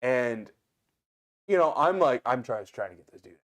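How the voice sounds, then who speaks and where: A man's voice: mid-range voice, moderate pace. Man telling a story with an Ohio accent. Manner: animated, swears freely, restarts sentences. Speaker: restaurant owner and guest. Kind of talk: casual storytelling.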